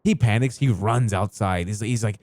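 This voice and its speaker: A man's voice: lowish voice, normal speed, a little mellow, no room sound. A man role-playing his character, rambling through a recount and acting out quoted back-and-forth exchanges. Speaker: role-play streamer recounting an in-character incident. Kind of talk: in-character role-play storytelling.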